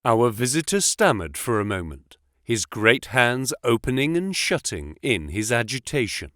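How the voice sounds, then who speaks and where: A man narrating a classic story as an audiobook in a measured, dramatic way. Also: mid-range voice, sing-song, fairly bright tone, no room sound, studio quality. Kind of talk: first-person story narration.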